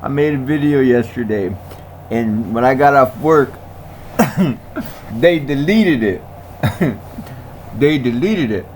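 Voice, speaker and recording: A man's voice: medium pitch, lively intonation, takes it slowly, long pauses, a little mellow, slight background noise. A man in a casual ranting monologue who repeats himself, laughs often and talks in slang. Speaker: vlogger.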